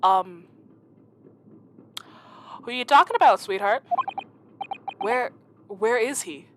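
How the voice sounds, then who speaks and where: A woman streamer chatting excitedly while playing a game and reading its dialogue aloud. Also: fairly high pitch, slow, slight background noise. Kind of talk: casual let's-play commentary. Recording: voice over loud game music.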